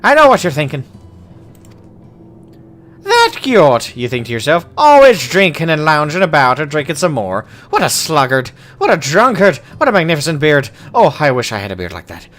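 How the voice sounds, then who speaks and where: A man's voice: on the high side, very animated, normal speed, fairly bright tone. A man voicing a jovial, hard-drinking male dwarf adventurer in a put-on Irish accent, hearty and boastful. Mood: teasing. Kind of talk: voicing game dialogue aloud.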